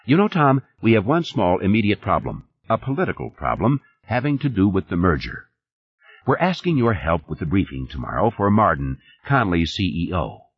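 A man voicing a smooth, ingratiating corporate executive in an audiobook reading. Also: on the low side. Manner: soothing, glib. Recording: dull lo-fi audio.

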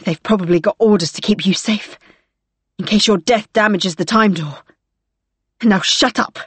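A woman voicing a desperate, cornered young woman on the run, with a rasping, hissing delivery in a storybook reading. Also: medium pitch, moderate pace, dry recording, lightly acted. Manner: tense, defiant.

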